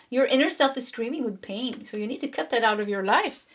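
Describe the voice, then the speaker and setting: Middle-aged woman, tarot reader; chatty, repetitive delivery with frequent laughs, voice sits a bit high. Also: lively intonation, fairly quick. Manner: chatty, laughs often, repeats phrases. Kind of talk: pick-a-card tarot reading.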